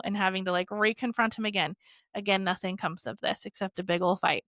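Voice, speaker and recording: A woman's voice: medium pitch, fairly quick, a bit bright, no room sound. Woman podcast host, rambly and candid, says like a lot, cusses, mid voice, dry close mic. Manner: rambling, heavy use of "like", swears freely. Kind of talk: candid personal storytelling.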